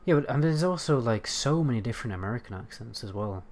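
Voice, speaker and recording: A British man from the United Kingdom streams a game, chatting casually as he rambles and swears while answering chat. His voice is medium-pitched, lively, quick, and slightly mellow.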